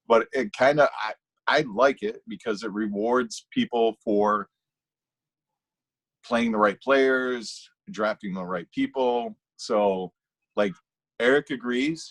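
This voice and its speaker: A man in a loose, rambling chat, circling back and restarting sentences as he makes his case. His voice sits in an ordinary middle register, and he talks in the easygoing way of a podcast co-host. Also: medium pitch. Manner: rambling, self-interrupting, animated. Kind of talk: casual chat about fantasy football.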